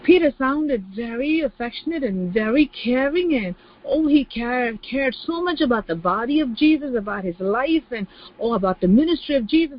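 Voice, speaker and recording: A woman's voice: high voice, lively intonation, normal speed. Woman preacher, sermon delivery, emphatic and repetitive, acts out quoted voices; slightly dull recording.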